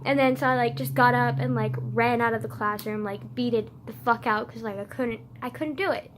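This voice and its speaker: A teenage girl telling a story in a casual rant, peppered with "like" and swearing, dropping to low mutters and then flaring up loud. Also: fairly even intonation, a little fast, a little hiss or hum. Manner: swearing, frequent "like" fillers, swings from low mutters to loud outbursts. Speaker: vlogger.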